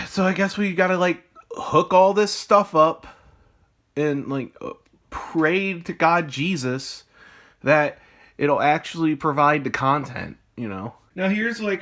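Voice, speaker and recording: A young man ranting in a satirical vlog, mock-outraged, swinging between low mumbles and shouting. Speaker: YouTuber. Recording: music playing underneath.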